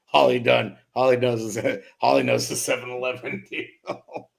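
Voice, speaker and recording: Gravelly joking man hosting a live chat. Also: mid-range voice, fairly even intonation, a little slow. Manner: joking, profane, laughs often; loose and teasing with chatters by name. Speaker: host of a BMX live show. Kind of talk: casual live-stream chat, reading viewer comments.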